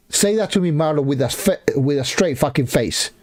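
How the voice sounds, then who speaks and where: A man's voice: a little high, expressive, normal speed, few pauses, a little mellow. A man ranting in a reaction video, swearing heavily and mocking the speaker he is watching. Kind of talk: profane ranting reaction commentary.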